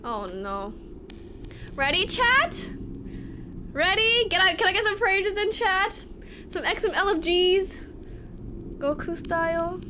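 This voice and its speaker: A woman's voice: very high-pitched, animated, slow pace, long pauses, pushed and bright, a little hiss or hum. A woman streaming live, chatting casually and talking straight to her chat. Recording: music playing clearly behind her.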